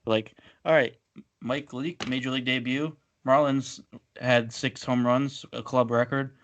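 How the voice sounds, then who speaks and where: A man's voice: mid-range voice, steady tone, unhurried, no room sound. A man co-hosting a casual podcast, loose and joking, with a little light swearing. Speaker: podcast co-host. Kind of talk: casual chat.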